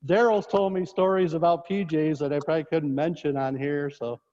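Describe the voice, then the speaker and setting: A man, a former coach from northern New York, tells meandering stories with restarts and chuckles. His voice sits a bit high but mellow. The lo-fi recording carries a long reverb tail. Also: steady tone, normal speed. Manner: rambling anecdotes with restarts, chuckling. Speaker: guest, former basketball coach. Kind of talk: casual storytelling on a sports talk show. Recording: dull lo-fi audio in a reverberant space.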